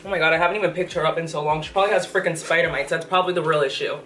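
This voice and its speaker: Racing along in a deep, steady voice with a fairly bright tone, a young pregnant woman gives an enthusiastic, casual plant update vlog, a little breathless. She's indoors in an apartment room with plants, recorded from a distance in an echoey space with faint music.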